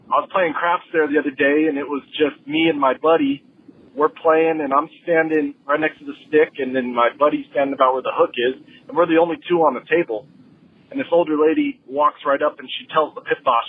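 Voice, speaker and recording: Guy calling in over a tinny phone line, kinda high voice, telling a casino story. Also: a little hiss or hum. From Las Vegas. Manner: storytelling, mimics a rude woman. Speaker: caller.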